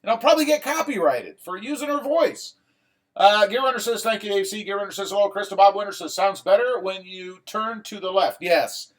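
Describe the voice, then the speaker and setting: A man's voice: high-pitched, animated, fairly quick. A middle-aged man hosting a casual livestream, reading viewer comments aloud and answering them in a rambling, joking way, picked up by a laptop microphone. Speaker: livestream host.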